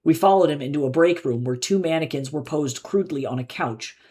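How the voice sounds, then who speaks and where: A man, the author, reading his own novel aloud live in measured, low-key narration. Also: darkish tone, husky.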